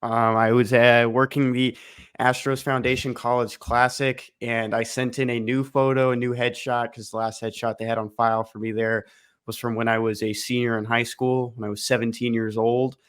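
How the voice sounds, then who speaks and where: A young man co-hosting a podcast, telling a relaxed, self-deprecating story in casual chat. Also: medium pitch, moderate pace, smooth. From Houston area. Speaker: podcast co-host.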